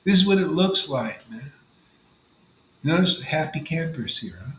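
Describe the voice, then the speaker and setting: A man speaks at a devotional gathering in a loose, animated way, tossing in "man" and "you know" as he goes. His voice sits a bit high for a man. The room is echoey, with a faint hiss of background noise. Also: unhurried. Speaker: spiritual teacher. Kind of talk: informal devotional talk.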